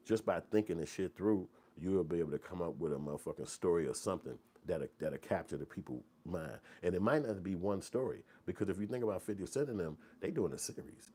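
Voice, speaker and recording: A man, telling stories in profane, animated casual commentary. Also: low-pitched, breathy edge. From Chicago. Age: 40s. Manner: animated, profane, rambling street talk. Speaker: movie channel host.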